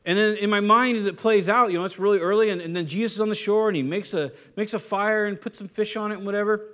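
A man preaching a casual, joking sermon as a pastor, with animated delivery and frequent restarts. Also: sits high, fast. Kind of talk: conversational Bible teaching sermon.

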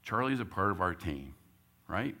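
Deep voiced guy telling a church story, kinda bright tone, gets shouty acting out the coach bits. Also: normal speed. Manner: animated storyteller, gets loud acting out his own coaching. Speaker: church speaker. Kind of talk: storytelling talk.

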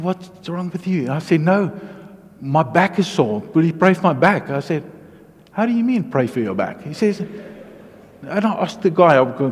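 A man delivers a testimony sermon with a fairly high voice. He tells his story in a lively way, dropping into hushed asides and then building to excited, loud bursts. The sound rings out with the long reverb of a large hall. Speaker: preacher.

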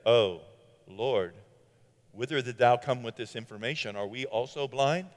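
A preacher putting on a pompous old Pharisee. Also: male voice, medium pitch, a little slow, long reverb tail, pitched below the performer's own voice, close to an everyday voice. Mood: mock-solemn. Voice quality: pompous, archaic phrasing. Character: stuffy old-fashioned male Pharisee, pompous.

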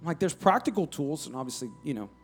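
A man with a high, bright voice preaches with lots of energy. He swings from loud calls to soft near-whispers, constantly prompting his listeners to answer. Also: expressive, quick pace, breathy edge, soft background music. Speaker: pastor. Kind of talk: sermon.

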